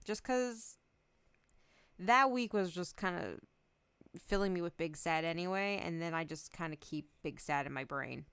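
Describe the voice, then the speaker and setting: A woman's voice: fairly low pitch, measured pace, fairly bright tone, smooth, no echo. A young adult woman streamer chatting casually, rambling, giggling often and swearing freely. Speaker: VTuber streamer.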